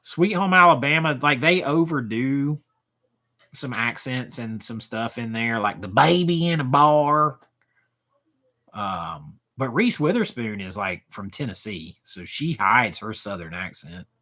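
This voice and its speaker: A man's voice: medium pitch, lively intonation, a little slow, bright, forceful tone. A man in his forties hosting a casual livestream, rambling as he answers chat comments, often trailing off and restarting. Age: 40s. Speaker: livestream host.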